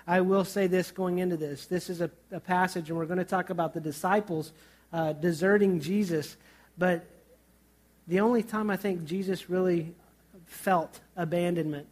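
A man's voice: fairly high pitch, fairly even intonation, moderate pace. A middle-aged man, a pastor, preaching a sermon and telling funny childhood stories. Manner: storytelling with humor and vivid childhood anecdotes.

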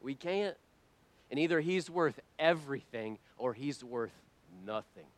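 A man preaching a sermon to his church, impassioned and swinging between hushed lines and loud ones. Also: mid-range voice, lively intonation, a little slow. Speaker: pastor.

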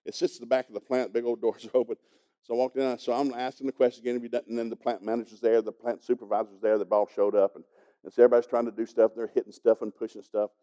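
A man preaching, winding a folksy story into his sermon and chuckling along the way. He talks quickly. His voice is very dark and mellow, at a middle pitch. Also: level tone, highs cut off. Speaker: pastor teaching a congregation.

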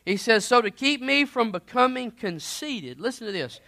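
A man preaching a sermon in a conversational style, moving between loud emphatic bursts and quiet asides. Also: high-pitched, animated, moderate pace, hardly any pauses.

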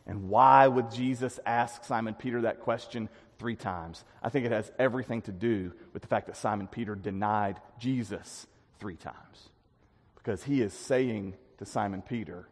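A man preaching a sermon, earnest and dynamic, with emphatic swells and quiet drops. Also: on the low side, moderate pace. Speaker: pastor. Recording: long hall reverb.

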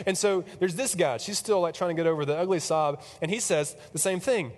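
A man retells a story as a casual, chatty sermon, animated and full of fillers. His voice is a bit high for a man and carries a long reverb from a large hall. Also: brisk, few pauses.

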